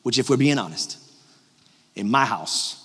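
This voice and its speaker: A man in his thirties, a pastor giving an animated, personal sermon with jokes for the congregation, his voice a little hoarse from a cough. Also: medium pitch, unhurried. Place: large church auditorium. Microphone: handheld microphone. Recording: long hall reverb from a large church.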